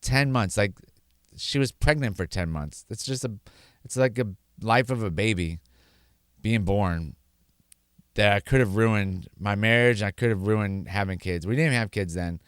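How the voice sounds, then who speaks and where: A middle-aged man speaks in a low, smooth voice, close and dry with no room sound. He talks candidly and earnestly, rambling and restarting sentences and slipping into little acted-out quotes. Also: normal speed, no echo. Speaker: podcast host sharing his sobriety story. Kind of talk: candid personal monologue.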